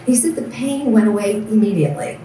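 A woman tells earnest testimony stories in a mellow voice, slipping into the voices of the people in them. She sounds distant from the mic, in a very reverberant hall, with faint ambient noise. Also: mid-range voice, a little fast. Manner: earnest storyteller, acts out quoted voices. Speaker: nurse giving a testimony. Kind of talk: personal testimony speech. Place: large event hall. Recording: echoey room from far off.

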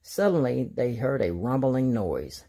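A man's voice: medium pitch, unhurried, breathy edge. A man reading a children's picture book aloud as a storytime reader. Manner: expressive storyteller.

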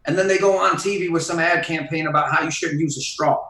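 A man, a guest on a podcast in casual conversation, opinionated and emphatic, often slowing down to stress his points. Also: fairly high pitch, steady tone, bright, forceful tone, roomy sound, low-quality recording.

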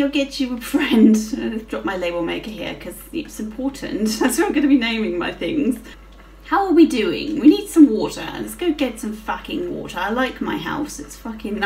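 A woman's voice: medium pitch, vocal fry, darkish tone, recorded from a distance. A woman giving casual gameplay commentary, swearing freely and giggling often as she plays. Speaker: gaming channel host. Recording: roomy with faint music.

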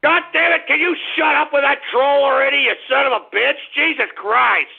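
A man's voice: very high voice, moderate pace, vocal fry, soft background music. A man hosting a live call-in radio show, exasperated, swearing and repeating himself. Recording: lo-fi phone-quality radio broadcast.

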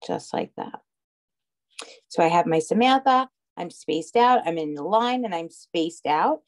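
A woman with a fairly low, expressive voice and a thick Long Island accent teaches a live online craft class at a moderate pace. She's chatty, constantly checking in with viewers with an "okay?" or "all right".

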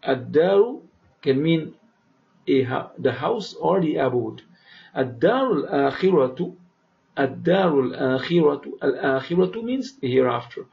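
A man teaching vocabulary, who says each word slowly twice, explains it, and often checks with "right?". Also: mid-range voice, gravelly, a little mellow. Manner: asks "right?" to check understanding. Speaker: Arabic teacher. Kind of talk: vocabulary lesson. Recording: dull lo-fi recording.

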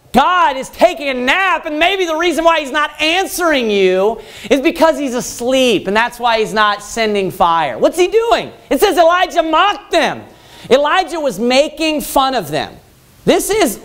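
Sermon preacher, male, lively pitch, chatty and loose, acts out the story. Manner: casual, conversational, lots of fillers, acts out scenes.

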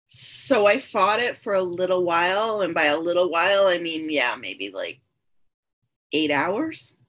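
A woman's voice: on the low side, animated, unhurried, fairly bright tone. A woman guest on a podcast, telling her own story candidly and earnestly, often repeating her phrases for emphasis. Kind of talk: personal storytelling in conversation.

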